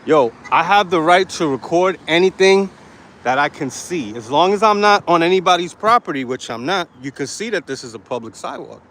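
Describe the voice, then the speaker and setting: A man's voice: a little high, animated, brisk, a bit bright. A man live-streaming from a phone as he walks city sidewalks, talking to the camera in a brash, defiant, profane way, hot and sweating. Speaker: street vlogger. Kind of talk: live-streamed walking vlog. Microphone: handheld phone. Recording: faint outdoor street noise. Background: street traffic ambience.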